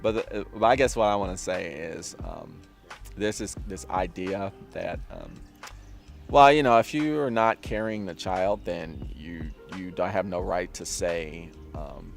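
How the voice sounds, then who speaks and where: A man with a low, gravelly voice talks through a casual discussion outdoors, stumbling over fillers and restarting his sentences. He laughs often between thoughts. Faint music sits under the recording. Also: unhurried. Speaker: discussion host. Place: outdoors, drizzling.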